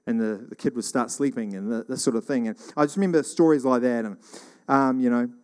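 A middle-aged man from New Zealand telling rambling church stories in a casual, animated monologue. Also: medium pitch, fairly quick, smooth. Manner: rambling, animated, acts out quoted voices.

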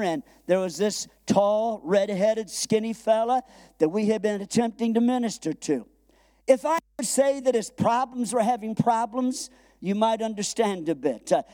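A middle-aged pastor preaches a storytelling sermon. His voice sits high for a man yet sounds mellow and dark in tone, recorded close and dry. He acts out the quoted dialogue and chuckles along the way. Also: dry recording.

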